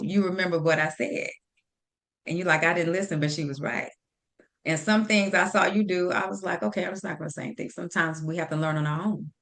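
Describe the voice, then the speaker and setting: Direct, animated woman guest. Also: mid-range voice. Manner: direct, animated, plays out talks with a friend. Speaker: podcast guest. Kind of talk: casual faith talk.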